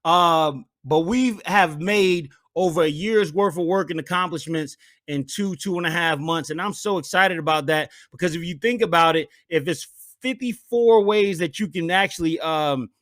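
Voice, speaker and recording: Male podcast host, high bright voice, casual and hyped, keeps saying "man". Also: moderate pace. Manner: animated, hypes himself up, says "man" a lot. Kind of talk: solo podcast monologue.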